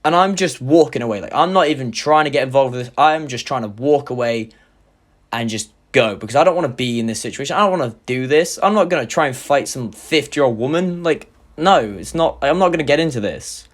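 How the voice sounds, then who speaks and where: A young man tells a wild personal story on camera. He talks in an animated, rambling way, swears freely and leans on filler words. His voice sits at a middle pitch. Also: fairly quick. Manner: animated retelling, heavy swearing, many fillers. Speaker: YouTuber. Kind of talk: storytime vlog.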